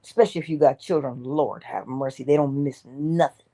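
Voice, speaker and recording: A woman's voice: extremely low pitch, a little fast, mellow. A woman giving an inspirational morning talk in an emphatic, preacher-like way, sometimes dropping to a whisper. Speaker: motivational speaker.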